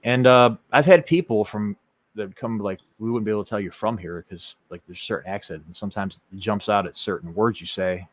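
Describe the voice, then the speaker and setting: A man with a Chicago accent, telling a lively story in casual podcast chat, jokey and animated. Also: fairly low pitch, fairly quick, no echo. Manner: animated storyteller, jokey, switches into a put-on local accent for quotes. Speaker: podcast host.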